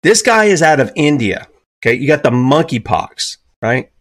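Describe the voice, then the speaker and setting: A Southern man in his fifties hosts talk radio with emphatic, rhetorical delivery, his voice leaping up when he drives a point home. He sits at a mid-pitched register on a dry, close studio mic with no room sound. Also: very animated, moderate pace, fairly bright tone, dry recording. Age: 50s. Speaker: radio talk show host. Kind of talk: opinionated talk radio commentary.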